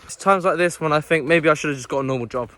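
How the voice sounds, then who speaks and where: A man's voice: on the high side, quick pace, a bit bright, a little hiss or hum. A young man vlogging on a handheld phone while walking outdoors at night, chatting in a jokey, self-mocking, nervous way. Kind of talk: walking vlog talking to camera. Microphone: handheld phone camera. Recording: background music over outdoor phone audio.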